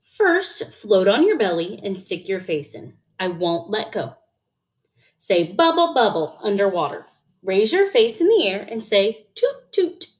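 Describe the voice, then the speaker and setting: A woman's voice: medium pitch, very animated, unhurried. A woman voicing a patient, cheerful mother frog coaxing her son, in a storybook read-aloud. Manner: bright, coaxing, sing-song.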